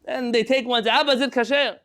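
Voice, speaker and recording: Rabbi guy giving a class, fairly high voice, lively storyteller, drops hebrew words all over. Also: quick pace. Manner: animated, sprinkles Hebrew terms.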